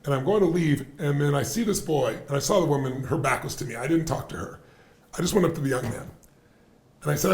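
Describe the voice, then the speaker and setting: A man as a podcast guest, telling stories in an animated, emphatic way and repeating phrases for effect. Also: fairly high pitch, fast talker. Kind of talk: animated storytelling in conversation. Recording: roomy echo.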